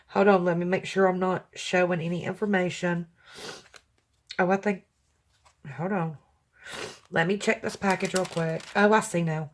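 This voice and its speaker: A woman vlogger chatting warmly to her viewers as she opens handmade gifts, gushing and tender as she talks straight to them. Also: on the low side, steady tone, moderate pace, long pauses. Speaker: crafting vlogger opening fan mail. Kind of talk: casual chat to camera.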